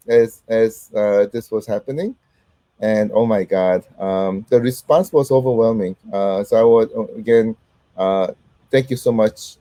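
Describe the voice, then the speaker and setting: A man's voice: lowish voice, dry recording. Sick man hosting a casual livestream. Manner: halting, heavy with um and uh, warm greetings to viewers. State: sick, voice not fully back. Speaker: host.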